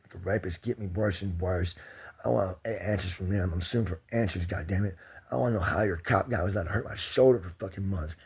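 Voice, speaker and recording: A man's voice: lowish voice, gravelly, a little mellow, breathy edge. A man ranting in an agitated, profane and rambling way, speaking straight to the camera as a vlogger. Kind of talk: angry personal rant.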